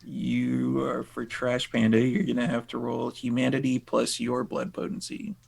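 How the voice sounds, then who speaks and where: A man running a tabletop game as game master, in a relaxed, dryly joking manner. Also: mid-range voice, moderate pace, creaky, slightly rough.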